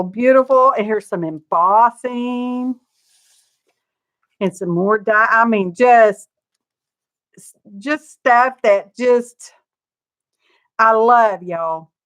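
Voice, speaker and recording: An older woman whose voice sits on the high side and sounds a bit bright hosts a craft channel's live show-and-tell from her studio. Gushing and talkative, she says hello to viewers by name and laughs frequently.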